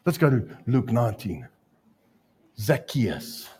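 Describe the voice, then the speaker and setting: A man with a South African accent preaching a sermon, telling stories with jokes and lively asides. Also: medium pitch, slow, slightly rough. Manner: storytelling, joking, animated asides. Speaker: pastor.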